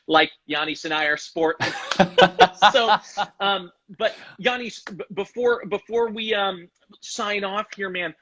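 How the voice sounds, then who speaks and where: A man's voice: a little high, bright, forceful tone, muffled recording. A male host in a casual online interview, enthusiastic and full of praise, calling his guest "man" again and again. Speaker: interview host for a guitar pickup company. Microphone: video call or live stream.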